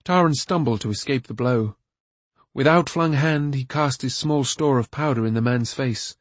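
A man narrating a fantasy novel aloud in a steady, even storytelling manner. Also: medium pitch, moderate pace, no echo. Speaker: audiobook narrator. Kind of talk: scripted narration.

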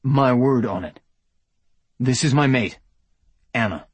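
A man's voice: medium pitch, breathy edge, dry recording. A man voicing a guarded werewolf man who speaks carefully and formally in an audiobook. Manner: careful, measured speech. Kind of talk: audiobook character voice.

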